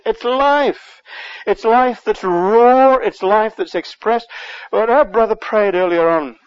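English male preacher, high-pitched, passionate surges, muffled sermon tape. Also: no echo. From England. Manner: impassioned, surges louder on key words.

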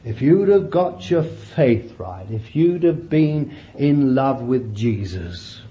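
Animated preacher with a mellow voice. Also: male voice, medium pitch, slow pace, highs cut off. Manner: animated, laughs often, calls listeners beloved. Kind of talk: sermon.

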